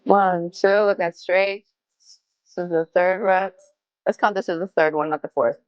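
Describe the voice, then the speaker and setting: At an indoor gym, a young adult woman from Massachusetts livestreams her workout in a Massachusetts accent, counting reps aloud and chatting casually with viewers. Her lowish voice is steady, unhurried, clear, and resonant, and the recording is muffled but free of echo.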